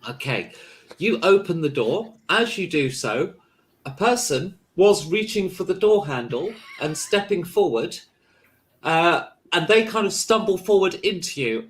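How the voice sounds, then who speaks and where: Casual game master. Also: male voice, fairly high pitch, a bit bright. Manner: casual, hesitant with fillers. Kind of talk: narrating a tabletop role-playing game.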